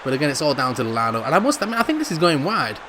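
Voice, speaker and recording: A middle-aged man with a Jamaican accent, giving excitable, laughing commentary over a football video game. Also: fairly high pitch, background noise. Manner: excitable, laughs often, drawn-out shouts over goals. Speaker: gaming commentator. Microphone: studio microphone.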